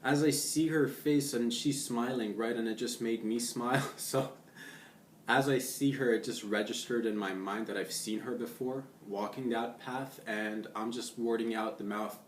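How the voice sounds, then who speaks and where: A man's voice: medium pitch, steady tone, normal speed, slight background noise. A young man talking in a casual, rambling monologue, laid-back and loose, tossing in "man" and "dude". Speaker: vlogger. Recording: roomy echo, distant from the mic.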